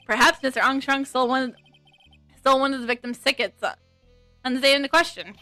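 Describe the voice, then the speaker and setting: A woman streamer reading a game aloud in an earnest, quick way with frequent self-corrections. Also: high voice, steady tone, sharp tone, faint music behind.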